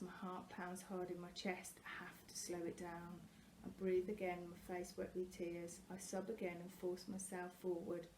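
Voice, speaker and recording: A woman reading a first-person novel aloud, expressive and growing louder at tense moments, with the odd slip and self-correction. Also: on the low side, a little hiss or hum, low-quality recording. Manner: occasional slips and self-corrections. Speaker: reader.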